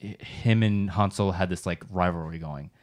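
A man with a fairly low voice hosts a casual streamed chat. He rambles excitedly, piling up fillers and restarts as he talks. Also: normal speed. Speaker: podcast co-host.

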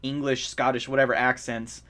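A man's voice: medium pitch, flat delivery, normal speed, a bit bright. A young man co-hosting a casual movie podcast, ranting with energy and laughing often. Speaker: podcast co-host. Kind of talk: casual movie-review chat.

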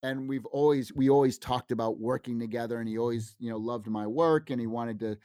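A man in his fifties, a sound designer being interviewed, telling animated stories and acting out what others said. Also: medium pitch, fairly quick, clean tone, dry recording, studio quality. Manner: animated anecdotes, acts out quoted dialogue. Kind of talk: casual interview storytelling.

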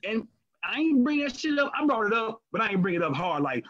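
A man in casual chat as a podcast co-host, talking candidly and profanely with animated storytelling. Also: sits high, fast. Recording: lo-fi muffled recording.

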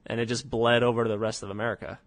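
A man's voice: medium pitch, level tone, very fast, no echo. A man hosting a casual podcast with friends, talking in a rambling, hesitant way. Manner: rambling, hesitant, many restarts. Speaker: podcast host. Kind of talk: casual chat.

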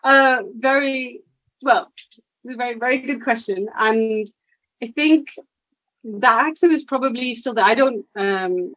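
A woman's voice: a little high, a little slow, fairly bright tone, no echo, poor audio. A woman born in India talking as a podcast guest in casual interview conversation, reflective and full of fillers and restarts, laughing often.

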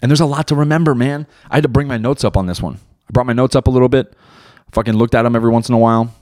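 A man's voice: mid-range voice, fairly even intonation, racing, darkish tone, no echo, clean studio sound. A young man hosting his own podcast in casual solo talk, loose and rambling, heavy on slang and swearing. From United States. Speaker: podcast host and beginner stand-up comic.

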